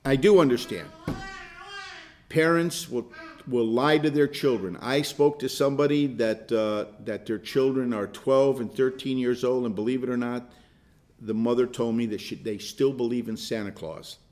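Lively storytelling man pastor. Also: mid-range voice, normal speed. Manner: animated, laughing storyteller who repeats words. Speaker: pastor leading a Bible study. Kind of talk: casual group discussion and storytelling.

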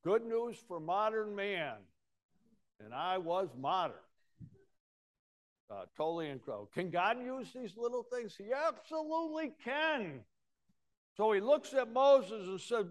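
A man preaching a sermon in a folksy storytelling way, his voice slightly high for a man. He drawls slowly and swings from loud bursts down to near murmurs as he acts out scenes. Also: very animated. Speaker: pastor.

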